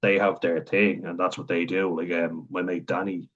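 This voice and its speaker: Low-voiced Irish man, frank vlog. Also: flat delivery, normal speed. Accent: Irish, Wexford. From Ireland. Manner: rambling, frank, swears freely, laughs between thoughts. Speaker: vlogger. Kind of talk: candid personal monologue. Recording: dull lo-fi sound.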